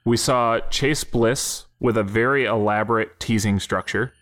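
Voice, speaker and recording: A man hosting a casual podcast, steering topics and recapping news in a measured way. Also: fairly low pitch, fairly bright tone. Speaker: podcast host. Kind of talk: casual chat.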